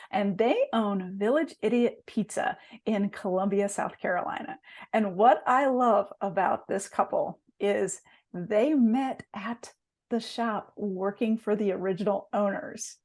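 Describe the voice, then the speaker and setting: A chatty woman hosts a casual podcast. Her mid-range voice has a gravelly, fried edge. She laughs easily and talks in loose, friendly asides. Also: medium pitch. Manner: chatty, laughs often, fillers like "like". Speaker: podcast host, magazine editor.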